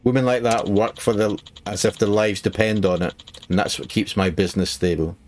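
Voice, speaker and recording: A hardened, cynical club boss laying out his view of the world in a flat, matter-of-fact way. His voice sits a little low. A man with a Glaswegian accent reads the part aloud from a game. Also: a little fast, slight background noise, lightly acted. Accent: Glaswegian Scottish. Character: cynical male hostess-club boss reading his lines.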